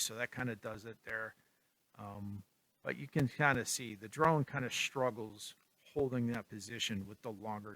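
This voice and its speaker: A man casually talking through his photos in a vlog, relaxed and rambling with lots of ums. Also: mid-range voice. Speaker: photography vlogger. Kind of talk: casual tutorial talk.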